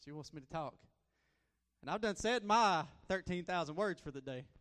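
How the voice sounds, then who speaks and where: Folksy, high-voiced preacher man. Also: lively intonation, moderate pace, in a large hall. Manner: folksy and repetitive, drifts from loud to soft. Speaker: guest preacher. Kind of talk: sermon.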